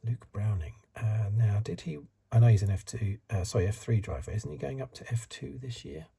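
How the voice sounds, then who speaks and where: Soft-spoken man, very husky. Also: fairly low pitch, brisk. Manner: soft-spoken, drifts into whispers, rambling asides. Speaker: ASMR channel host. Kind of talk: soft-spoken ASMR card review.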